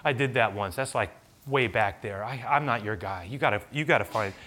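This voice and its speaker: A man's voice: fairly low pitch, a little fast, pushed and bright. A man voicing Moses as a reluctant shepherd-prophet who stammers, repeats himself and pleads to be let off. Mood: self-doubting.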